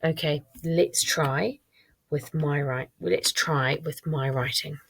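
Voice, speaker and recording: A woman teacher giving a recorded online lesson, modelling her own writing aloud in a clear, encouraging way. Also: sits low, fairly even intonation, takes it slowly, fairly bright tone. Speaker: primary school teacher.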